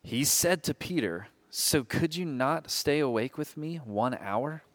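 A man reading scripture aloud in a slow, solemn group reading. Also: mid-range voice, lively intonation. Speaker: scripture reader.

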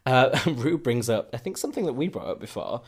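A man's voice: medium pitch, sing-song, a little fast, slightly rough. A man co-hosting a podcast, chatting casually with sarcastic, rambling jokes. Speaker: podcast co-host. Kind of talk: casual recap chat.

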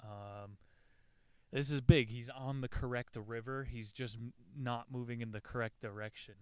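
A man with a smooth, clear voice retells a survival story in a loose, irreverent way. He jokes and swears freely, and his voice sounds close and dry. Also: medium pitch, fairly even intonation, normal speed, darkish tone, no echo. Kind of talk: casual retelling with quoted readings.

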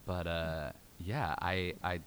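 A man's voice: low voice, fairly even intonation, takes it slowly, fairly bright tone, slight background noise. A young man as a podcast guest, laid-back with a dry sense of humor. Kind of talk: casual podcast chat.

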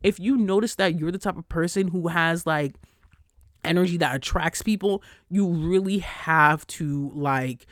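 A fired-up podcaster on a solo rant, cursing hard and firing off blunt questions. The voice sits in a middle pitch and comes through close and dry, with no room sound. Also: dry recording. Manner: heated, profane, fast-cutting rant; frequent cursing and "like" fillers. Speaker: podcast host.

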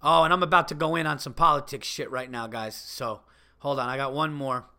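A man's voice: medium pitch, fairly even intonation, brisk, pushed and bright, clear, resonant tone. A man hosting his own podcast, ranting heatedly and cursing constantly. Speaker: podcast host. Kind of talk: solo podcast rant.

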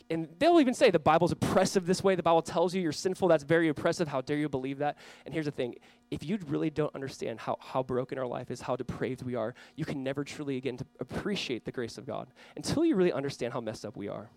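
A man preaching a sermon as pastor, earnest, moving between loud emphasis and hushed pleading, reading scripture aloud slowly. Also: a little high.

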